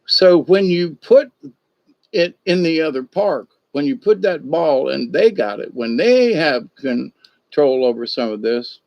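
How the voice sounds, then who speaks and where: A man's voice: fairly high pitch, lively intonation, a little slow, vocal fry, dry recording. An older man hosting a livestream, telling a story in a folksy, meandering way with many asides. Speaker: livestream host. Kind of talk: rambling storytelling chat. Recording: dull dry lo-fi sound.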